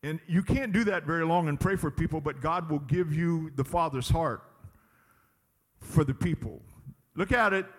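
A man's voice: fairly high pitch, moderate pace, big-room sound. A man preaching a sermon as pastor, emphatic and drawing out his words. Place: church sanctuary.

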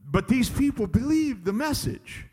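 A man's voice: extremely high pitch, lively intonation, a little slow, a little mellow, breathy edge. A man preaching a sermon in a church, emphatic and repetitive, pressing the congregation with call-and-response lines. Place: church sanctuary. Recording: long hall reverb in a church.

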